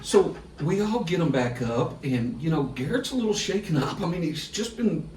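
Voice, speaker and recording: A middle-aged man, a sports broadcaster guest on a podcast, telling a story in a lively way and laughing through it. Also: on the high side, normal speed. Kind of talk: casual storytelling. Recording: echoey room, distant mic, faint hiss.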